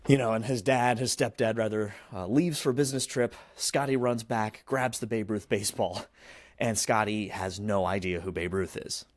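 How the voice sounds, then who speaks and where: A man's voice: on the low side, steady tone, normal speed, dry recording, studio quality. A man hosting a podcast, retelling a film plot in a rambling, casual way full of fillers and restarts. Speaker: podcast host.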